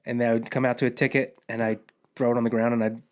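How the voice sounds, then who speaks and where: A man's voice: mid-range voice, flat delivery, fast. A man who is a guest on a podcast, telling anecdotes in a casual, rambling way and often restarting his sentences. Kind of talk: casual chat.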